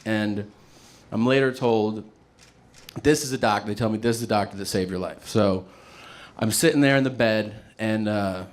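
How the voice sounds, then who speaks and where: A middle-aged man telling a stand-up comedy story in a loose, profane way, jumping into quick voices for other people's lines. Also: on the low side.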